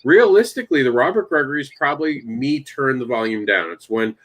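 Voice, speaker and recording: A man hosting a casual chat, telling long animated stories and addressing his co-hosts by name. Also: medium pitch, a little fast. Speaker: podcast host and comic creator.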